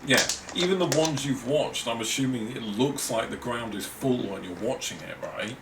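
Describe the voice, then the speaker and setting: A man's voice: medium pitch, normal speed. An Australian man, a podcast co-host, chatting casually and ranting with frequent laughs. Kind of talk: casual chat. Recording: distant mic with faint ambient noise.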